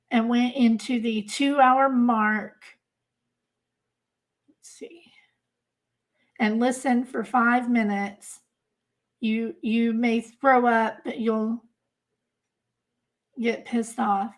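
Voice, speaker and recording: A woman hosting a crime channel livestream. She talks casually to her chat, in an emphatic, exasperated way, and she repeats herself for effect. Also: a little high. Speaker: host of a crime-case channel.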